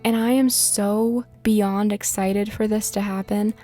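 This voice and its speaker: A woman's voice: mid-range voice, fairly even intonation, a little slow, dark tone, faint music behind. A woman chatting casually while playing a life-sim game, rambling from topic to topic, sarcastic, swearing at the game now and then. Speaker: gaming vlogger.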